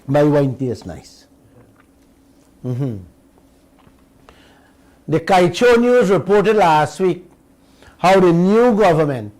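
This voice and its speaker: A Guyanese man hosts a radio commentary, talking straight to his listeners. His voice sits fairly high and he takes his time, leaning hard on each point and letting it land. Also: a little mellow, poor audio. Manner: slow, emphatic, addresses listeners directly. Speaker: radio show host. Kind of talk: political commentary monologue.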